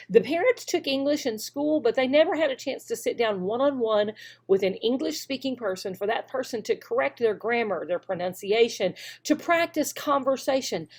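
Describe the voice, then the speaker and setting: A woman with a Southern US drawl talks through her teaching method in an emphatic, instructional way. Her voice sits a little high, and she slows down deliberately whenever she models a sentence. She sounds like an experienced teacher coaching newcomers. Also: darkish tone. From Southern United States. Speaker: online English teacher. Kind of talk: instructional talk.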